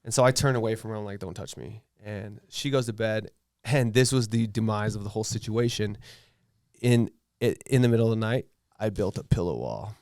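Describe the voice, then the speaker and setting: A man's voice: on the low side, fairly quick, darkish tone, no echo, clean studio sound. Laid-back man telling a story bluntly. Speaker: tattoo artist guest. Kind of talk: casual storytelling chat.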